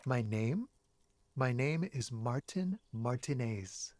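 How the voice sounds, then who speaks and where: A man's voice: mid-range voice, animated, takes it slowly, a little mellow. A man voicing an evasive, weary game character who is being questioned.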